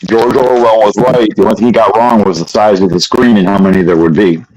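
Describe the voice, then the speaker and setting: A man guest in a casual podcast chat, talking in a deadpan, wry way. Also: fairly low pitch, a little fast, poor audio. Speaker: self-described pastor guest.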